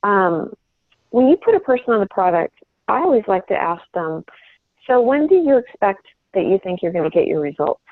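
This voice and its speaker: A woman's voice: mid-range voice, very animated, moderate pace, no echo. A middle-aged woman giving a sales coaching talk from home, earnest and rambling, often restarting her sentences. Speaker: sales trainer. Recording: tinny phone line.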